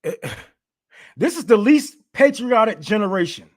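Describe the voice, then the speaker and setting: High-voiced man ranting, profane and heated. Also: big pitch swings, moderate pace. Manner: stammering, laughing, heated. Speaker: podcast host.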